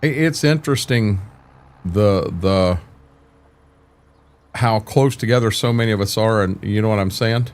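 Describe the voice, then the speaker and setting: A man's voice: lowish voice, measured pace, long pauses, clear, resonant tone. An older man hosting a livestream, chatting casually with viewers in a rambling way, restarting sentences often and cursing mildly. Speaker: livestream host. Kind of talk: casual chat while streaming a farming game.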